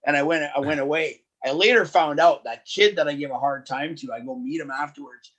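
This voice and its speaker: A Canadian man tells stories as a podcast guest, his slightly high voice jumping up as he acts out the people in them. He often breaks off and restarts his sentences. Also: brisk, a bit bright. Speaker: wrestling promoter and guest. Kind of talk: casual podcast storytelling.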